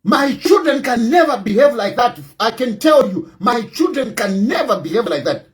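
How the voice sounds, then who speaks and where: A middle-aged man with a Zambian accent, delivering a fervent political commentary, repeating himself and often raising his voice to a shout. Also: extremely high pitch, sing-song, moderate pace. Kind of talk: impassioned monologue.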